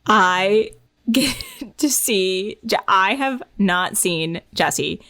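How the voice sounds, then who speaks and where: A woman co-hosts a casual podcast in a mid-range voice. She is chatty, excitable and giggly. The sound is close and dry, with no room echo. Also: mid-range voice, drawn-out words. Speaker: podcast co-host.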